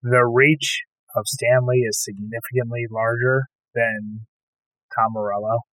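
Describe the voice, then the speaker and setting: A man co-hosting a casual podcast, dismissive in tone and leaning on fillers as he talks. His voice is at a middle pitch. The sound is dry and close to the mic. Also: little pitch movement, measured pace, a bit bright, dry recording, low-quality recording. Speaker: podcast co-host. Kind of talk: casual chat.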